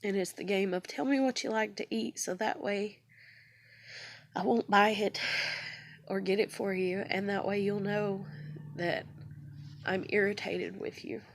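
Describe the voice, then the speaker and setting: A woman's voice: mid-range voice, steady tone, unhurried, vocal fry, long pauses, slight background noise. A woman, telling a personal story in a rambling, confessional way, her voice tearful and breaking. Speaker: vlogger.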